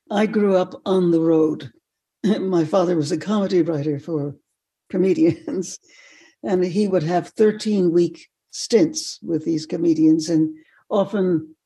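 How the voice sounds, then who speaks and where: An older woman, a podcast guest, telling animated stories and laughing often. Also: on the low side. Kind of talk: storytelling in a podcast interview.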